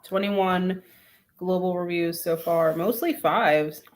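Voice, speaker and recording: A woman co-hosting a casual podcast chat, relaxed and quick to laugh. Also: lowish voice. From Louisiana. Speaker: co-host, author.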